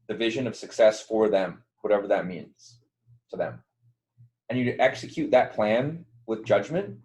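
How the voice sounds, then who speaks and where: Young guy running a virtual mentor training, lowish voice, chill and rambly, um-heavy. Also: a little mellow, rough recording. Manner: loose and conversational, many fillers and restarts. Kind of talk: casual online training talk. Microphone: computer mic on a virtual call.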